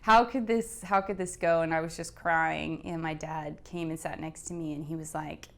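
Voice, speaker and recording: A young woman telling her own story of illness in an emotional, halting way, stopping to search for words and tearful at moments. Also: sits low, flat delivery, vocal fry. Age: young adult. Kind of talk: emotional personal testimony.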